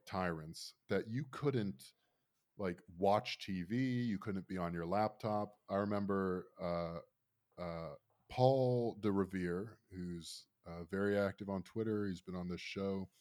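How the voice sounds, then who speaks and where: A man's voice: on the low side, a little mellow. A man in his thirties, from Florida, telling a rambling, wry story in casual chat.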